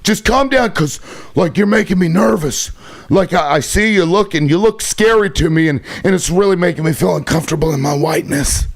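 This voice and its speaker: A man's voice: lively intonation, brisk. A man voicing a whiny, nervous white man in a mocking impression during a livestream rant. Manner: mocking, higher-pitched impression.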